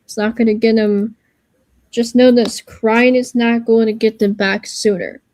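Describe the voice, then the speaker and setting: Earnest woman streamer, higher voice. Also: steady tone, unhurried, darkish tone, dry recording. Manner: earnest and reassuring, rambling and searching for words. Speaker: livestreamer. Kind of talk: casual livestream pep talk.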